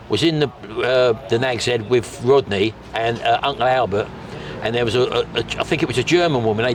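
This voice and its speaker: A man from England, chatting casually to camera with jokes and teasing while walking outdoors on a seafront. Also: mid-range voice. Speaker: travel vlogger.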